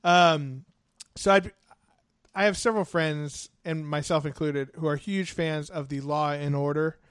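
A man co-hosting a podcast, enthusiastic and quick to laugh as he asks a guest about his work. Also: on the high side, steady tone, fairly bright tone, clean tone, no echo, studio quality. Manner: enthusiastic, laughs often, asks fan questions. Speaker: podcast co-host. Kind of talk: casual podcast interview.

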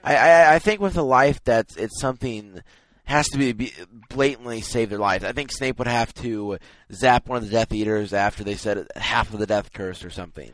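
Young man, podcast co-host, emphatic, animated arguing, dry close mic. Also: medium pitch, normal speed, hardly any pauses, dry recording, low-quality recording. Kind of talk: casual group discussion.

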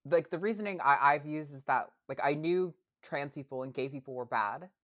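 Her voice sits low and she keeps a moderate pace. In this casual interview chat, the young woman is a podcast guest who hesitates, fills pauses, and frequently starts over.

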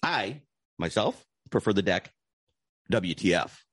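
Husky man doing a playful ad. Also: animated, slow pace, a bit bright, no room sound, studio quality. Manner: playful salesy pitch. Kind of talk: comedic ad read.

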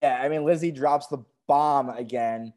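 A man co-hosting a podcast, chatting casually and enthusiastically about a TV episode. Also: medium pitch. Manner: enthusiastic, relaxed, quick to praise. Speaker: podcast co-host. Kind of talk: casual TV recap chat.

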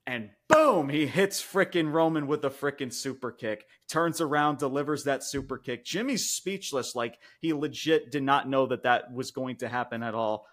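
A man co-hosting a podcast, recapping a wrestling show in casual chat, excited and swearing freely with lots of fillers. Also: medium pitch, normal speed, hardly any pauses. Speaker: podcast co-host reviewing wrestling.

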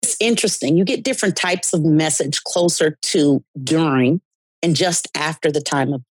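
A woman's voice: sits low, moderate pace, breathy edge, dry recording. A woman guest earnestly telling stories and explaining her spiritual beliefs with conviction in a podcast conversation. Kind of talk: storytelling conversation.

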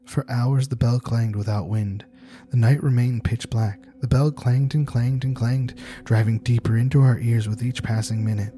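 A man reading a scripted horror story aloud in a measured, tense storytelling manner. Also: medium pitch, steady tone, dark tone. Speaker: narrator. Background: music.

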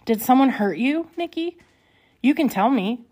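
A woman voicing a concerned young man on the phone who gently presses with questions, read in her own voice. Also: on the high side, animated, moderate pace, voice pushed up.

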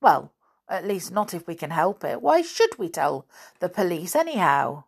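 A woman voicing an excitable, curious young schoolboy in a storybook reading. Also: lowish voice, normal speed, creaky, husky, full character voice. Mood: eager. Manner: eager, exclaiming.

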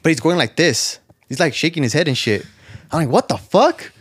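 A man's voice: fairly high pitch, very animated, a little fast, breathy edge, no room sound, studio quality. A man co-hosting a podcast, telling rambling, profane anecdotes in a casual chat. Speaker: podcast co-host.

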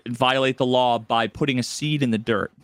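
A man co-hosting a casual gaming podcast, telling a story with lively shifts and acting out game characters' lines. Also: mid-range voice, normal speed, dry recording. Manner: animated storyteller, acts out game dialogue in raised voices. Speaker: podcast co-host.

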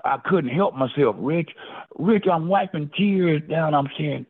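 An older man with a gravelly voice spins an animated story, his pitch swinging up and down as he keeps calling the host by name. He speaks slowly, and the sound is thin and phone-like. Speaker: interview guest, former football player. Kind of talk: storytelling in a casual interview. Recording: phone-like, lo-fi line.

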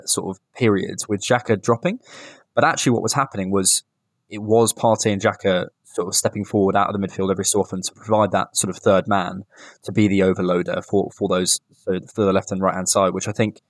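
A man with a fairly low voice talks through a football match on a podcast. He is analytical and blunt, and his words come in quick bursts with frequent restarts. The recording is dry and close, with almost no room sound. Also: dry recording. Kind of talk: casual football podcast chat.

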